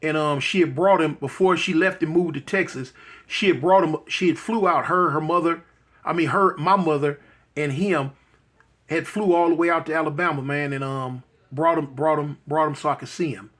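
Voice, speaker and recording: A middle-aged man telling a personal story in a halting, moved way, repeating words and leaning on fillers. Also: fairly high pitch. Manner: soft-spoken and moved. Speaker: guest telling his life story.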